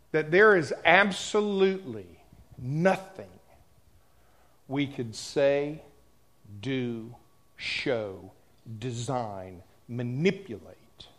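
A man preaching a sermon, telling a personal story and talking straight to the congregation, dropping to a hush at times and rising loud at others. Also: fairly high pitch. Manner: storytelling, swings from hushed to loud; addresses the congregation directly.

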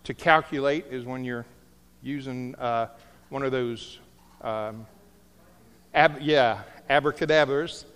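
A man's voice: mid-range voice, takes it slowly, long pauses, a bit bright, smooth. A middle-aged man preaching a sermon, telling a story with jokey asides. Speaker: pastor. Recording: large hall with long reverb.

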